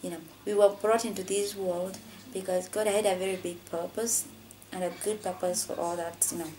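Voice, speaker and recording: A woman's voice: level tone, moderate pace, dark tone, slight background noise. Woman saying "you know" constantly. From Africa. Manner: says "you know" constantly, voice rising high when quoting. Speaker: vlogger. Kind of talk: personal story vlog.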